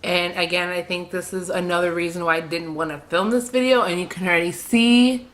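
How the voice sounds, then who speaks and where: A young woman speaks in a slightly low voice, pouring out an emotional confession to her vlog audience. She hesitates and rambles, restarting her sentences and filling the gaps, close to tears throughout. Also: fairly even intonation, fairly quick, fairly bright tone. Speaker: beauty vlogger.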